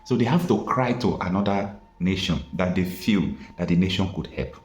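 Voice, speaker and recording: A man's voice: deep voice, normal speed, a little mellow, echoey room, soft background music. A Nigerian man giving an impassioned political commentary, emphatic and full of rhetorical questions.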